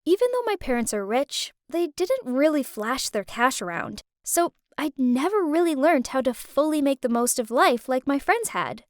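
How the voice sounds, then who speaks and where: A young woman narrating an animated story in first person, chatty and breathless. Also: high-pitched, moderate pace, hardly any pauses, no echo, clean studio sound.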